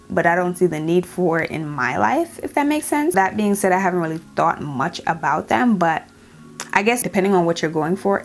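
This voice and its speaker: A woman's voice: fairly low pitch, lively intonation, moderate pace, soft background music. A young woman with a New York accent chatting casually in a Q&A vlog, sassy and repeating lines for emphasis. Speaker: beauty YouTuber.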